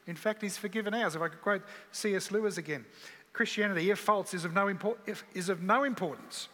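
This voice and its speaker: A man preaching a sermon with an earnest, bright, forceful voice. He leans on rhetorical questions, and his words ring with a long hall reverb. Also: high voice, quick pace.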